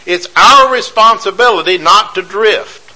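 A man's voice: sits high, a little slow, sharp tone, low-quality recording. A man preaching a sermon, emphatic and repetitive, building lists of phrases and asking rhetorical questions.

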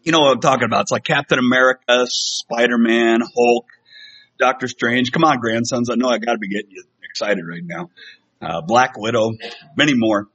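A slightly dull lo-fi recording from a church sanctuary captures a middle-aged man preaching at a normal speed in a steady, fairly bright, medium-pitched voice. His sermon is conversational and self-deprecating, peppered with fillers and restarts.

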